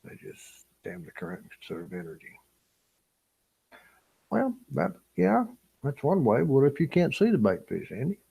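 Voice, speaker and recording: A man's voice: mid-range voice, wildly swooping pitch, moderate pace, gravelly, pauses often, phone-quality sound, a little hiss or hum. An older man from Louisiana, chatting casually with viewers on a fishing live stream and laughing often. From Louisiana, USA. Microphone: small camera-top microphone.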